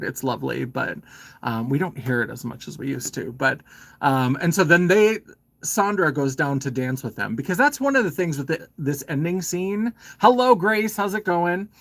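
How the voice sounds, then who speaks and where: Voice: medium pitch, fairly bright tone, low-quality recording. A man hosting a live stream, casually retelling a film's plot in a chatty, filler-heavy way and greeting viewers as he goes. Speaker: host.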